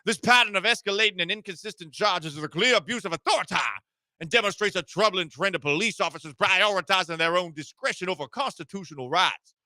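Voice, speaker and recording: A man's voice: sits high, fast talker, bright, forceful tone, dry recording, pitched above the performer's own voice. A man doing a drawling, pompous southern lawyer. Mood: mock-indignant. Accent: put-on American Southern drawl. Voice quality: theatrical, declaiming.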